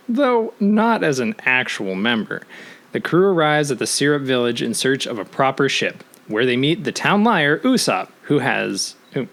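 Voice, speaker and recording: A young man co-hosting a casual podcast, animated, laughing often and acting out quotes. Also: medium pitch. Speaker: podcast co-host. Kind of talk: casual chat.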